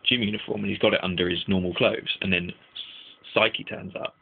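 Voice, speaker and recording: A man's voice: sits low, steady tone, a little fast, creaky, background noise. A man casually recapping an anime episode in a rambling, swearing way, acting out the characters' lines. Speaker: anime reviewer. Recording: tinny, phone-like lo-fi sound.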